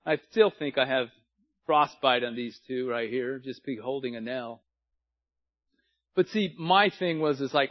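A man's voice: mid-range voice, unhurried, long pauses, muffled recording. A man in his sixties, a pastor, preaching a sermon in earnest, plain, folksy words. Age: 60s.

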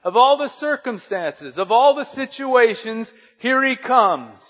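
A man imitating an older male baseball announcer with a smooth, golden voice, drawing out his words slowly to build suspense. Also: extremely high pitch, expressive, big-room sound, highs cut off, voice pushed up, exaggerated voice. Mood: dramatic. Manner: slow, drawn-out, building suspense.

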